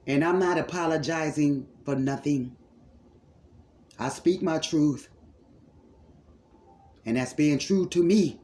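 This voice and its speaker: A man's voice: on the high side, slow, long pauses, darkish tone. A man preaching a spiritual healing sermon with fervor, repeating phrases for emphasis and calling his listeners loved ones.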